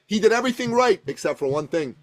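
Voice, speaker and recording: A man's voice: high voice, lively intonation, fast talker. A man, a business coach on a podcast, telling stories and giving advice in an emphatic way, repeating words for stress. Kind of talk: energetic storytelling advice.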